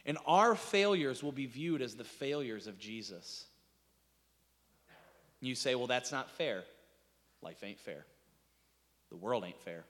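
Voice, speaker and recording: A man preaching a sermon as pastor, stumbling over restarts and swinging between loud outbursts and hushed asides. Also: medium pitch, expressive, slow, pauses often, long reverb tail. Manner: impassioned preaching with repeated restarts and dramatic drops to near-whispers.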